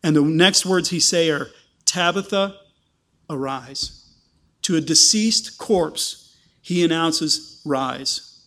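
A man preaching a sermon, explaining a passage and acting out the people in it with lively quoted voices. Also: a little high, unhurried. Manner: animated, acts out quoted voices.

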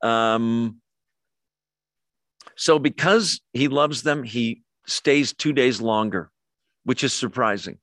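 A man's voice: mid-range voice, takes it slowly, pauses often, fairly bright tone, dry recording. Guy preaching to his church, chatty, keeps asking the room stuff, dry close sound. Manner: conversational, asks the room questions. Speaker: pastor. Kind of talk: sermon. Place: church hall with a live congregation.

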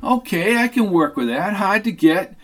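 A man's voice: high voice, unhurried, fairly bright tone, voice pushed up. A man voicing a brash, flirtatious middle-aged junkyard owner who talks in a pushy, leering drawl.

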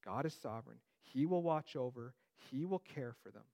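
A man's voice: medium pitch, animated, moderate pace, gravelly, mellow. A man teaching through a Bible passage in a conversational way, with joking asides.

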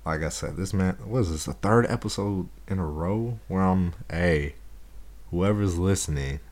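A man with a very deep voice hosting a casual podcast, relaxed and teasing. He ribs his co-host and laughs along, never in a hurry. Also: moderate pace. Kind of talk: casual chat.

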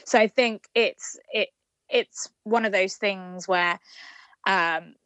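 A woman's voice: medium pitch, slow pace, fairly bright tone, dry recording. A woman, a supporters' trust representative explaining a fan campaign at length in a casual podcast interview, with many fillers and restarts.

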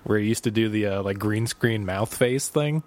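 A man in his thirties co-hosting a casual podcast while sick, clearing his throat now and then, chatty and jokey. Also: on the low side, moderate pace, a little mellow. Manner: chatty, laughs often, jokey. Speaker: podcast co-host. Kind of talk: casual chat.

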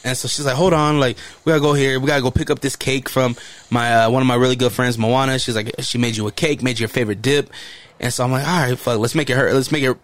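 A young adult man co-hosting a podcast, telling a story in a relaxed, easygoing way. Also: mid-range voice, quick pace. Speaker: podcast co-host. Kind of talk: casual storytelling chat.

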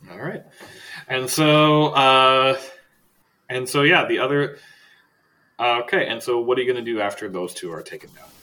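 A man's voice: medium pitch, sharp tone, poor audio. Man running a tabletop game, casual. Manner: casual, halting with fillers. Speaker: game master.

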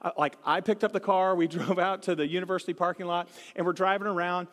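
A man preaching a sermon as pastor, telling stories with humor and animated swings in tone. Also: high-pitched, fast. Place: church sanctuary. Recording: live church hall reverb.

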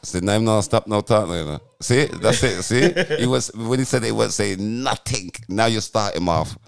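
A man's voice: fairly low pitch, expressive, normal speed, creaky. A man, co-hosting a podcast in teasing, slangy banter. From UK, Jamaican heritage. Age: 40s. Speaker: podcast co-host. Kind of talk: casual banter.

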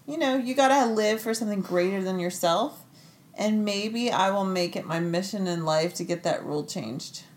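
A woman co-hosting a casual podcast. She talks about football in a playful, teasing way. Her pitch sits in the middle range. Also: normal speed. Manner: playful, teasing, chatty sports talk. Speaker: podcast co-host.

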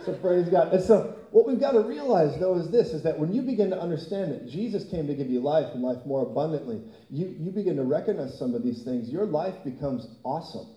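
Animated preacher with a dark, mellow voice. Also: male voice, a little high, brisk, hardly any pauses, roomy sound, poor audio. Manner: animated storytelling, often laughing. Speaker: pastor. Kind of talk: sermon.

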